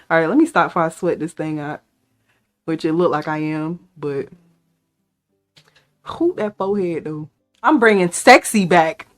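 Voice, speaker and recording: A woman vlogger talking casually to camera in a playful, excitable way, hyping herself up. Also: lowish voice. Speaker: beauty vlogger.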